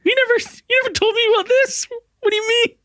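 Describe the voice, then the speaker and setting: A man voicing a shocked young woman who protests in a high, squeaky put-on voice. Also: steady tone, fast, sharp tone, dry recording, clean studio sound. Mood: upset.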